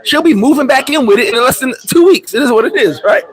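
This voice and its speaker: This very high-pitched, fast-talking vlogger lives abroad in the Dominican Republic and tells a story on his livestream. The recording is rough, and his storytelling is profane and animated, full of swearing and impressions of the other people.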